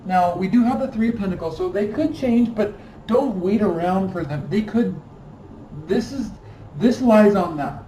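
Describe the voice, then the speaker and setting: A woman reads tarot cards with a mellow, warm tone, her words emphatic and scolding as she drives points home by repeating them. She sits a little back from the mic in an echoey room with faint noise behind her. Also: medium pitch, animated, moderate pace, distant mic. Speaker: tarot reader. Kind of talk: tarot card reading.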